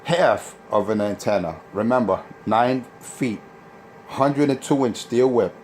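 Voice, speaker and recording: A man's voice: mid-range voice, slow, darkish tone. Boastful man ranting over CB radio. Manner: boastful, repetitive, trash-talking. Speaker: CB radio operator. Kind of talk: CB radio on-air rant. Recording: CB radio transmission with faint noise.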